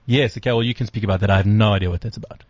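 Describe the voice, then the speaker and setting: Man, radio host, halting speech full of ums, muffled dry studio sound. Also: fairly low pitch, steady tone, darkish tone, no room sound. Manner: hesitant, many ums and restarts, disapproving. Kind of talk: casual chat.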